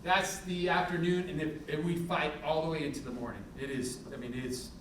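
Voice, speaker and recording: A middle-aged man, a police chief, giving a candid, animated talk full of anecdotes in a university event hall. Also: a little high, fairly quick, noisy background. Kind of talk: public talk with war stories. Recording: echoey hall from a distant mic.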